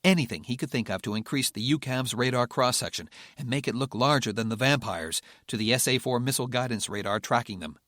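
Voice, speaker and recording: A man's voice: medium pitch, brisk, hardly any pauses, a bit bright, no echo, studio quality. Man narrating a thriller audiobook. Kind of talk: scripted narration.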